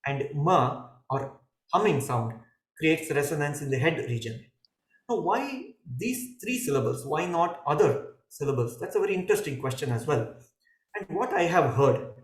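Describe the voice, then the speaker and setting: A man, a yoga teacher, giving calm, measured explanations in a podcast conversation, pausing and restarting now and then. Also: fairly high pitch. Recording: echoey room.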